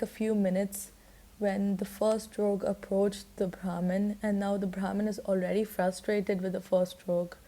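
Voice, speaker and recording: A woman reading a children's story aloud and patiently explaining it, pausing to clarify words, with a few fillers. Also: medium pitch, dark tone. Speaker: storyteller and teacher.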